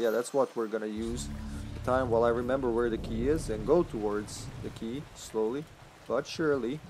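A man's voice: medium pitch, noisy background. Chatty Serbian-accented man streaming a game. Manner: chatty, laughs often, thinks aloud. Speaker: livestreamer. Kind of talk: casual gameplay commentary.

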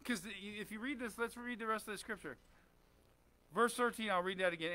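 A man's voice: high-pitched, fairly quick, pushed and bright. A man preaching a conversational sermon in a church, often asking the congregation questions and saying "amen.". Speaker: pastor.

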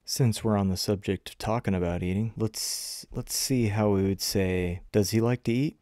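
A man teaching a casual recorded language lesson, slowing down to repeat example phrases for learners. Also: on the low side, warm tone, no echo, studio quality. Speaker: Mandarin teacher.

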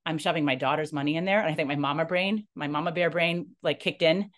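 Low-voiced woman recounting a personal ordeal. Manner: earnest, halting retelling that acts out quoted dialogue. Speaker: non-profit founder. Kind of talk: personal story told to camera.

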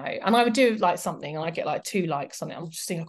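A woman's voice: fairly low pitch, fast talker. Woman, interview guest, chatty and candid, self-deprecating, lots of "like" and "you know". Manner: candid, animated and self-mocking, with lots of fillers. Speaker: guest historian and documentary presenter. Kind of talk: casual interview chat.

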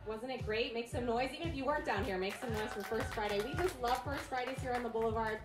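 A fairly high-voiced woman gives church announcements in an upbeat, chatty way, laughing now and then. Her voice rings around an echoey sanctuary with music playing behind her.

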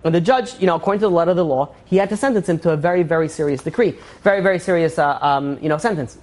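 Fast-talking rabbi telling parables. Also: male voice, on the high side, darkish tone. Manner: rambling storyteller, many fillers, acts out quotes. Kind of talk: informal Torah class.

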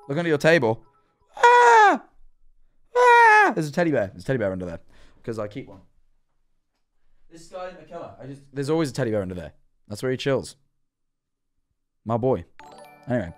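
Animated rambling male streamer, worn voice. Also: on the high side. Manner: rambling, animated, swears freely, talks to chat. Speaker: livestreamer reacting to a horror series. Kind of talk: casual livestream commentary.

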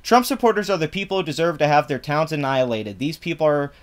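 A man ranting in a mocking, profane commentary, reacting to posts online. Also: quick pace. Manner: mocking, profane, loud swings in pitch. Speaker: political commentary vlogger.

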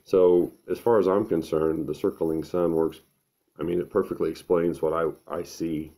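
A middle-aged man, talking to camera at home in an unhurried, earnest, thinking-aloud way. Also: low-pitched, fairly even intonation, dark tone. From American Midwest. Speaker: vlogger. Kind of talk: casual to-camera monologue.

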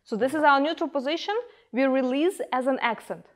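A woman teaching a belly dance class, giving calm step-by-step coaching cues and counting the moves. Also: sits high, fairly quick. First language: Ukrainian. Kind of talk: guided dance class instruction.

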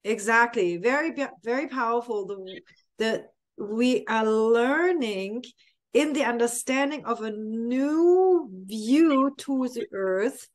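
A woman's voice: fairly high pitch, slow. A woman in a spiritual conversation, effusive and appreciative, often repeating her phrases.

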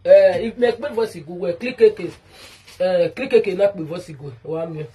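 A woman's voice: on the low side, normal speed, dark tone, slightly rough. A Nigerian woman ranting straight to camera in an aggrieved, repetitive way, calling out a rival directly. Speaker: vlogger. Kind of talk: direct-to-camera rant video.

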